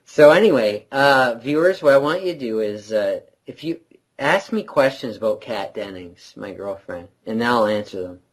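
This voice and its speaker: A man's voice: mid-range voice, animated, moderate pace, rough recording. A man co-hosting a casual late-night podcast, rambling, trailing off and laughing often. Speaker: podcast co-host.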